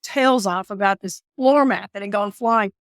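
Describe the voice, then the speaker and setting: A woman, a caregiver and author telling a lively story in an interview, laughing often. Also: mid-range voice, normal speed, clean tone, no echo, studio quality. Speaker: guest, author and former caregiver.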